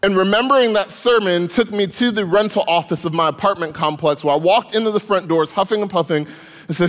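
Animated male storyteller in a hall. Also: high-pitched, fairly quick. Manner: animated, comic, rising in excitement. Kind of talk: live stage storytelling. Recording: long hall reverb.

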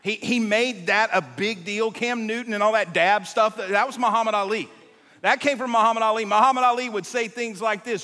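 Male preacher, bright and forceful tone, lively sermon storyteller, heard with the long echo of a big hall. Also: sits high, brisk. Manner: animated, jumps between tangents, acts out quotes. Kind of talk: sermon storytelling to a live congregation. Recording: long reverb of a large hall.

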